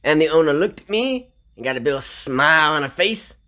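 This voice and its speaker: A man's voice: on the high side, expressive, moderate pace, sharp tone. A man with a Southern US accent casually telling funny stories and jokes, playfully acting out sounds. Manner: playful, acts out sounds like purring. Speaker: storyteller. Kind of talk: casual story time and joke telling.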